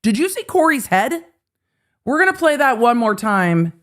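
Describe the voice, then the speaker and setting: A woman's voice: a little high, sing-song, normal speed, a bit bright. A woman hosting a live legal commentary stream, talking casually and profanely with her chat and riffing on courtroom moments. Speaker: legal commentary livestream host.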